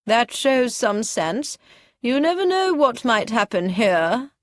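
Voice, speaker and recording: A woman doing a sharp, disapproving old aunt. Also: a little high, lively intonation, takes it slowly, no echo, studio quality, voice pushed up. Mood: stern. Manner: stern, blunt, emphatic.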